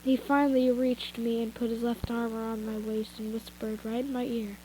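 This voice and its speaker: High-voiced young woman reading, stuffy nose. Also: little pitch movement, moderate pace, few pauses, mellow, slight background noise, low-quality recording. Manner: giggly, self-interrupting, chatty asides. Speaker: fan fiction reader. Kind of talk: casual story reading. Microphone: headphones with mic.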